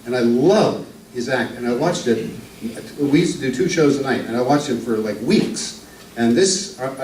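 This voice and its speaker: An older vaudeville performer telling a fond, halting story from the stage. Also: male voice, mid-range voice, a little mellow. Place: theater stage. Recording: echoey stage from a distance, faint room noise.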